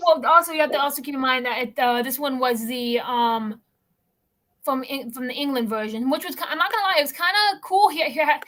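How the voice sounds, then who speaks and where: A woman's voice: high-pitched, a little fast, sharp tone. A young woman hosting a casual chat, talking in a rambling way with lots of filler words. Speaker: host.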